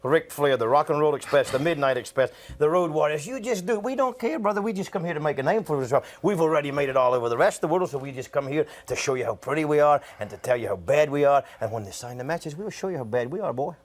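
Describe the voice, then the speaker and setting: A man, a wrestler, cutting a loud, folksy, bragging promo and calling people brother and Daddy. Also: fairly high pitch, quick pace, hardly any pauses.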